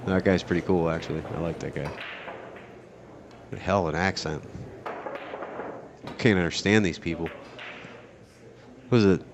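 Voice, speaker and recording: A man with a deep, low voice calls a pool match at a tournament venue. His play-by-play is casual and excitable, full of jokes and rambling side tangents. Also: measured pace, pauses often, background noise. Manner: rambling, joking, excitable asides.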